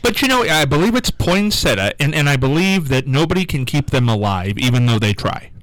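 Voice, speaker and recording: A man's voice: fairly high pitch, expressive, brisk, a bit bright, dry recording, rough recording. A man hosting a holiday morning radio show in the studio, chatty and joking. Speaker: radio host. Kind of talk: casual radio talk. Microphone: studio microphone.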